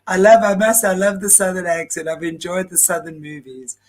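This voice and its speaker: A woman's voice: lowish voice, a little fast. A woman co-hosting a casual livestream chat who asks curious questions and laughs easily. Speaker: co-host.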